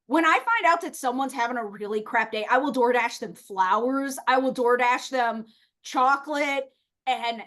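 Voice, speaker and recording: A woman chatting casually as a podcast guest, animated and outspoken, laughing often and acting out the people she quotes. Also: high voice, fairly quick. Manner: animated, outspoken, playful swearing and put-on quoted voices.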